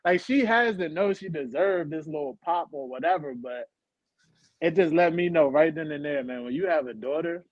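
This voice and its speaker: A man's voice: fairly high pitch, normal speed, dry recording. A young adult man, a guest on a podcast panel, talking in a candid, loose and slangy way. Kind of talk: casual panel chat. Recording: dull, muffled sound.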